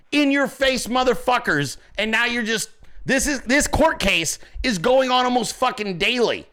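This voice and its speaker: High, bright-voiced man ranting angrily. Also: animated, normal speed. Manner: angry, profane, shouting rant. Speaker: podcast host. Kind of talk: political commentary rant.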